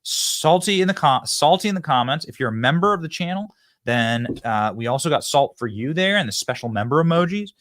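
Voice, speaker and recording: A man's voice: fairly high pitch, brisk, no echo, studio quality. A man hosting a political commentary show, talking in a casual, mocking way and laughing often. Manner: animated, sarcastic, laughs often. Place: studio.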